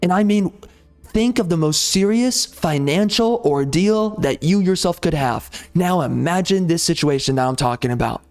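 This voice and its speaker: A man's voice: fairly high pitch, lively intonation, moderate pace, a little mellow, faint music behind. A man ranting sarcastically and repetitively while commenting over gameplay. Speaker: gaming video host.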